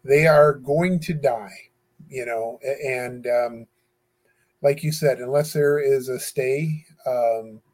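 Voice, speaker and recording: Taking it slowly in a mid-range, darkish voice, a man interviewed casually about corresponding with death row inmates speaks with earnest hesitation. Fillers and restarted sentences come up often.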